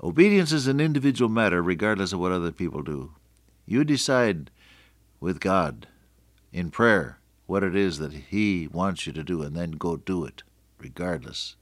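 An older man preaching a radio sermon, earnest, often slowing and dropping to a near-whisper for emphasis. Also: low-pitched, no echo.

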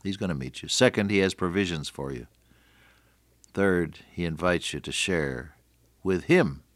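Deep-voiced older radio preacher. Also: male voice, dry recording, studio quality. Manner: earnest, slows and softens into near-whispers for emphasis. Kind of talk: radio sermon.

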